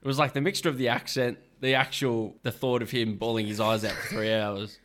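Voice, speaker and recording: A young man in relaxed podcast banter, recalling trip moments as he rambles. He keeps it easygoing and chuckles between thoughts. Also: mid-range voice, a little fast. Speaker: podcast co-host, son. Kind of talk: casual storytelling chat.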